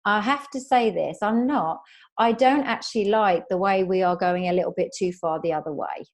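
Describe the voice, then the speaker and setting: A woman's voice: medium pitch, moderate pace. Frank woman podcast host. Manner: frank and opinionated. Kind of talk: casual chat.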